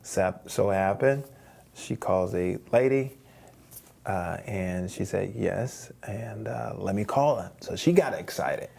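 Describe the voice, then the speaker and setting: A man's voice: on the low side, slow, gravelly, a little mellow, husky. A man, a guest singer, telling a long story in a studio interview, rambling, with many restarts and repeated words. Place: streaming studio.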